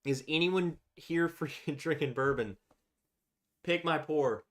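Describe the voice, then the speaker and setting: A man's voice: fairly high pitch, slow pace. A man hosting a casual livestream, chatting freely, laughing often and reacting to viewer comments. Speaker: livestream host.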